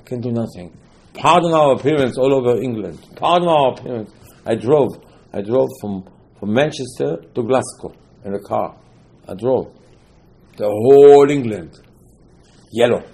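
A man's voice: medium pitch, warm tone, slightly rough. A man giving a Torah sermon with non-native English sprinkled with Hebrew terms, telling stories with dramatic asides and rhetorical questions. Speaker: rabbi teaching Torah.

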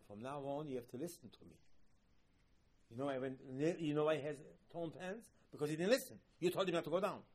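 A man giving a sermon, telling stories in an animated way, repeating phrases for emphasis and raising his voice in loud bursts. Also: mid-range voice, slightly rough. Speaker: rabbi teaching.

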